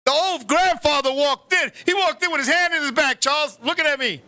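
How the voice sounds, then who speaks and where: A man telling a comic story on a show, animated and profane, who keeps turning to his co-host. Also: very high voice, a little fast. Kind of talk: comedic storytelling.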